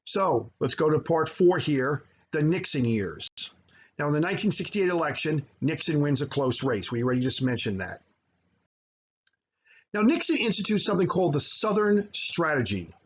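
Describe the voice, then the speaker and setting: A man teaching high school history over slides, explaining at length with frequent fillers and self-corrections. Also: very animated, normal speed, husky, dull audio. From United States. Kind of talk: recorded slideshow lecture.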